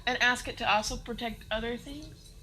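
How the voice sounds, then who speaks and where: A woman's voice: fairly high pitch, a little fast, low-quality recording. A woman playing a tabletop game, chatting playfully and cursing now and then. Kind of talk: casual game-table chat. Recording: noticeable background noise.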